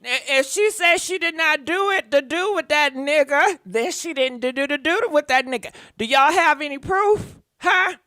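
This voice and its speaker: High bright-voiced lady spilling celebrity tea, dry close sound. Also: normal speed, few pauses, dry recording. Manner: sassy, laughing, talks back at celebrities. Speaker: gossip show host. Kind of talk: casual live gossip commentary.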